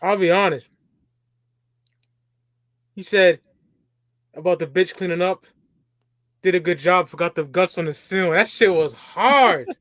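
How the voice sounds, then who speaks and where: A man joins a casual music podcast, reacting with eager, blunt enthusiasm and plenty of swearing. His voice sits fairly high. The recording is dry. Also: a little slow, long pauses, a bit bright, dry recording. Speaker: podcast co-host. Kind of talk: casual music review chat.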